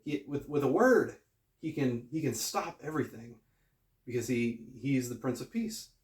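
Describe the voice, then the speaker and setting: A man talks through a Bible lesson in a relaxed, conversational way, hammering points home by repeating phrases. His voice sits at an ordinary middle pitch. The recording carries a noticeable echo from the room around him. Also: moderate pace. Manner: conversational, emphatic, repeats phrases while teaching. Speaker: Bible teacher. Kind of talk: casual video Bible lesson. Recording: echoey room.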